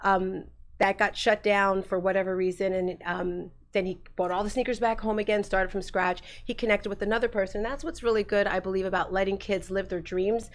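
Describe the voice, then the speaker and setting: A woman's voice: mid-range voice, fairly even intonation, a little fast. Middle-aged woman guest, candid rambling storyteller. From New Jersey. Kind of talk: casual storytelling.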